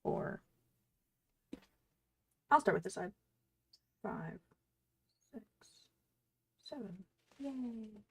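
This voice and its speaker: A woman's voice: mid-range voice, expressive, extremely slow, gravelly, long pauses, slightly rough. A woman cosplayer chatting casually while she crafts, bubbly, rambling and self-deprecating. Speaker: cosplayer and streamer.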